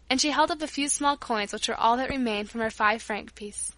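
A woman reading a chapter of a novel aloud in measured storytelling narration. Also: fairly high pitch, a bit bright, dry recording. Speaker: audiobook reader. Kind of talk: scripted narration.

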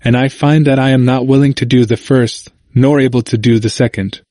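A man's voice: mid-range voice, steady tone, a little fast, dark tone, no room sound, clean studio sound, natural voice. A man voicing an anguished, burdened male pilgrim who pleads in earnest archaic speech.

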